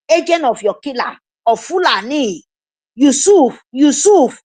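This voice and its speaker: A Nigerian woman delivers an impassioned address in a high voice that swings widely in pitch. She speaks slowly and insists, repeating herself with urgent pleading. The recording is dry and close. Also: dry recording. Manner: emphatic, repetitive, urgent pleading. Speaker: activist commentator.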